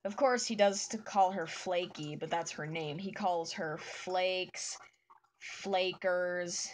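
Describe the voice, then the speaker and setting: A young woman art streamer chats casually and giddily with her viewers while she draws. Her voice is lowish and slow, with a little hiss or hum in the background.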